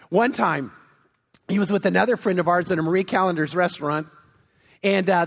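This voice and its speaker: A man preaching a sermon as a pastor, telling stories with lively acted-out quotes. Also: high-pitched, husky. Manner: animated storytelling, acts out quotes. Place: church sanctuary. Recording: long hall reverb.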